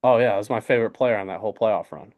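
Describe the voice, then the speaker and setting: A man's voice: fairly low pitch, racing, phone-quality sound. A young man, co-hosting a podcast in casual, rambling sports chat full of fillers and restarts. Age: young adult. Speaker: podcast co-host.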